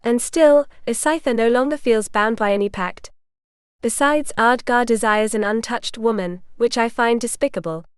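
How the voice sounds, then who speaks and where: A woman voicing a proud, stubborn young noblewoman who speaks indignantly and with a sharp tongue. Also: a little high, moderate pace, smooth, no room sound, studio quality, natural voice.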